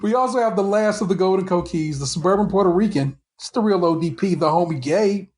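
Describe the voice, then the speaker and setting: A man's voice: sits high, fast talker, a little mellow. A man hosting a casual podcast chat, ranting with heated, profane frustration and stumbling restarts. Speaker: podcast host.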